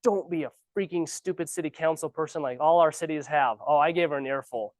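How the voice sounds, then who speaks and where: Give me an animated, sarcastic man coaching new agents in a dry room. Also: fairly high pitch, brisk, dry recording. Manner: animated, ranting, sarcastic asides. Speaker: real estate trainer. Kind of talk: casual training talk. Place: office training room.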